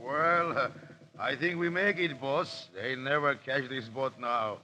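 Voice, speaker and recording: An actor playing a loyal, eager pirate first mate in a 1930s radio drama. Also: male voice, medium pitch, unhurried, sharp tone, slight background noise. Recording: dull lo-fi 1930s radio broadcast.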